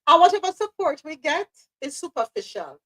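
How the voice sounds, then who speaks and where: A woman's voice: high-pitched, sing-song, fairly quick, fairly bright tone, poor audio. A woman hosting a live news podcast, speaking passionately and repeating phrases for emphasis. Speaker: host.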